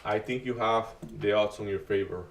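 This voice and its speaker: A man hosting a live day-trading stream, talking through market moves in a halting way with many restarts and uneven grammar. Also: lowish voice, far from the mic, slight background noise. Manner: halting, restarts often, non-native grammar.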